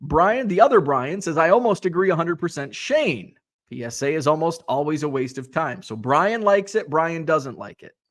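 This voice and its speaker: A man's voice: fairly high pitch, expressive, moderate pace. A man hosting a casual livestream, rambling with fillers as he reads viewer comments aloud. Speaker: livestream host reading chat.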